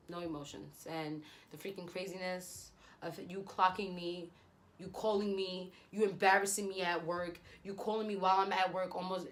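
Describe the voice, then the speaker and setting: A young woman vlogger telling a personal story in a lively, slangy, casual way. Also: on the low side. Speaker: beauty vlogger. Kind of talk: storytime vlog.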